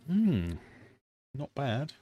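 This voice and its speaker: A man's voice: medium pitch, wildly swooping pitch, drawn-out words, slightly rough, lo-fi sound. A British man hosting a live-stream quiz from his fish room, reading out questions and chatting with self-mocking dad jokes.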